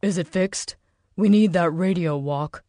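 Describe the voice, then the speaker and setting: Woman playing a gruff male leader, impatient, cursing, commanding, dry close sound. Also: high voice, unhurried, warm tone, dry recording. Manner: brusque, curses, gives orders.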